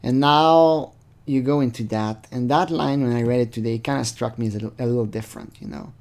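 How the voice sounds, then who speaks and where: A man's voice: medium pitch, fairly quick, vocal fry, darkish tone. A man hosting his channel, giving rambling, sarcastic casual commentary full of fillers. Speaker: channel host. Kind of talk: casual commentary reading chat logs.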